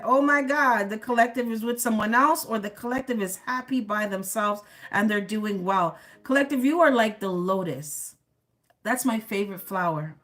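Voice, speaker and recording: Woman reading tarot cards live, kinda high voice, sassy and chatty, laughing a lot at her own jokes. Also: fairly bright tone. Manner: addresses viewers directly as the collective. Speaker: tarot reader.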